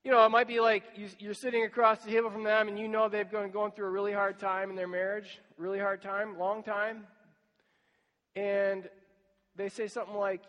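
High-voiced pastor in a reverberant church. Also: male voice, flat delivery, normal speed, lo-fi sound. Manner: conversational, acts out imagined dialogues. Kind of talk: sermon.

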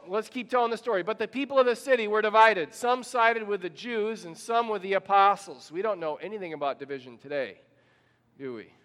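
A man's voice: high-pitched, fairly bright tone, big-room sound. A man pastor preaching a sermon, telling the story and asking the congregation questions.

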